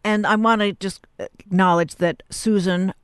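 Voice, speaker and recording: A woman's voice: mid-range voice, steady tone, a little slow, clean tone, no room sound. A woman hosting an interview, chatty and enthusiastic, often restarting her sentences. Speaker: host. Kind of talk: casual interview talk.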